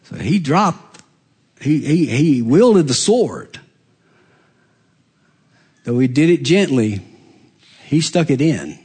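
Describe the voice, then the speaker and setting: Dramatic preacher man, slightly high voice. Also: very animated, slow pace, long pauses, slightly rough. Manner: dramatic preaching, swinging between hushed and loud. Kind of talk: sermon.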